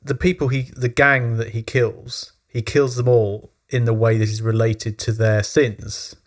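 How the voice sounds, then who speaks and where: A man co-hosting a podcast, talking through a film at length in casual discussion, thoughtful and quick to laugh along. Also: mid-range voice, level tone. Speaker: podcast co-host.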